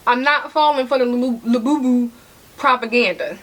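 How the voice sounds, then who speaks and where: A woman's voice: fairly high pitch, normal speed, fairly bright tone, slight background noise. A woman vlogging about handbags in a sassy, chatty way, talking straight to her viewers while she eats. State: eating while talking, mouth sometimes full. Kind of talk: casual chat to camera.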